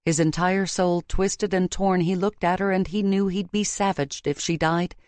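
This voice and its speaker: Brief: woman narrator, measured and emotive, slightly low voice, dry close mic. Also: fairly even intonation, a little mellow, clear, resonant tone, dry recording. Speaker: audiobook narrator. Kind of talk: scripted romance narration. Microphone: close studio mic.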